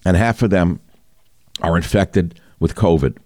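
A man's voice: low-pitched, measured pace, darkish tone, dry recording, clean studio sound. A man hosting a talk show, delivering combative, indignant news commentary and firing rhetorical questions at the listener. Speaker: talk radio host.

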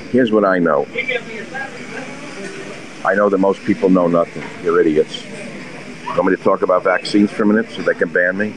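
A man in a restaurant delivering a scornful, combative monologue. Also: low-pitched. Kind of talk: ranting monologue. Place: busy restaurant, indoors. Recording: noisy restaurant crowd chatter. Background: restaurant crowd chatter.

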